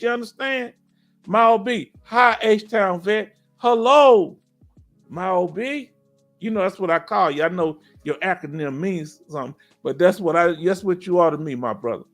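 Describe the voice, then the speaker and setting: Animated Southern man hosting a live stream. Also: sits high. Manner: animated, preachy, keeps asking "you understand?". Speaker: veteran live-stream host. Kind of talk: casual live-stream chat reading comments.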